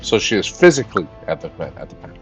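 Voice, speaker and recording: A man playing a tabletop game, excitable and swearing with loud outbursts. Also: lowish voice, fast talker, soft background music. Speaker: player. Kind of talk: tabletop game role-play.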